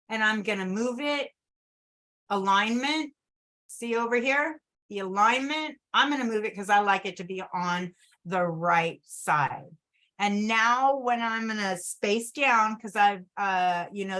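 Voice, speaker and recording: A woman at her desktop computer leads a screen-share tutorial, talking at an ordinary middle pitch. She is chatty, calls her viewers "you guys" and checks in with "okay?" as she clicks through each step. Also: fairly bright tone. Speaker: travel agent trainer.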